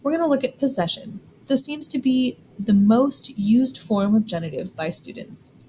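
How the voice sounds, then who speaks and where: A woman explaining German grammar in a clear, deliberate lesson, slowing down to spell out examples. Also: a little high, expressive, darkish tone, slight background noise, low-quality recording. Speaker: German teacher. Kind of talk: scripted classroom explanation.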